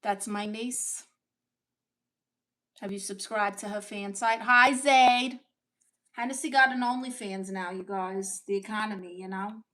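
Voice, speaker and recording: A woman hosting a comedic livestream as a sassy aunt, brashly teasing her chat with quick comebacks. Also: mid-range voice, a bit bright. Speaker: livestream host reading chat.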